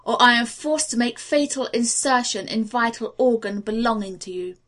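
A woman reading the lines of a calm male detective who gives orders in formal, ornate phrasing in an audiobook. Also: a little high, moderate pace, lightly acted. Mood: commanding.

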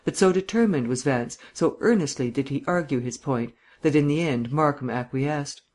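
A man's voice: fairly high pitch, moderate pace, darkish tone. Man narrating an audiobook.

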